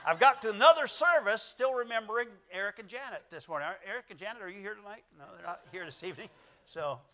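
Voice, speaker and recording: A man preaching a sermon in a high, lively voice with a bright, forceful edge. He rambles in a folksy way, circling back with fillers and chuckling at his own stories. It is the easy talk of a pastor speaking to his own congregation. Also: fast. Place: church sanctuary.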